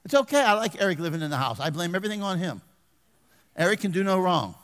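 An older man preaching a folksy sermon as pastor, swinging from loud exhortation to hushed asides and calling for amens. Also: high voice, big pitch swings, fast talker. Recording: long reverb of a large hall.

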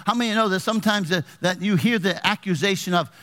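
A man's voice: high voice, racing, hardly any pauses, big-room sound. A male pastor preaching a sermon, reading scripture and asking the congregation questions. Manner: animated preaching with call-and-response questions to the congregation. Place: church sanctuary.

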